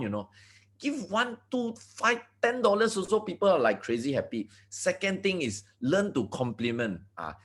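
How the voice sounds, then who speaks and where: A middle-aged Malaysian man speaks in an animated, storytelling way, often restarting his phrases and adding "you know." His voice sits rather high, and his pitch swings widely. He is heard over a video call. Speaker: guest speaker. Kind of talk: motivational talk.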